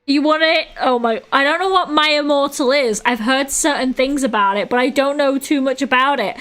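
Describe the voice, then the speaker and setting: Giggly high-voiced British woman streamer. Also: normal speed, a bit bright. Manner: giggly, teasing, swears freely. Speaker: streamer hosting a drawing stream. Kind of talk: casual live-stream chat.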